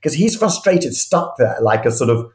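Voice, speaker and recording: A man telling history as an animated, enthusiastic storyteller, often restarting his sentences. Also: mid-range voice, normal speed, echoey room. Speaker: historian guest.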